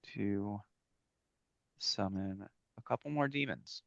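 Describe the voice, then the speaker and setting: A man running a tabletop game as game master, giving rulings in a measured, matter-of-fact way. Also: on the low side, creaky, fairly bright tone, dry recording. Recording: dry, slightly dull audio.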